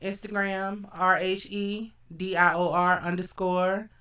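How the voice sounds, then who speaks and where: A relaxed American woman joins a casual podcast as the guest. Her voice sounds a little distant from the microphone. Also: fairly low pitch, measured pace.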